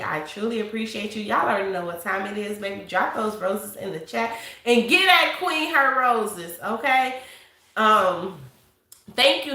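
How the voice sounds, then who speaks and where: A woman's voice: on the high side, bright, forceful tone. A woman hosting a casual livestream of gossip commentary, chatty and reading out viewer messages. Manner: chatty, reads super chats aloud, calls viewers baby and girl. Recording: echoey room.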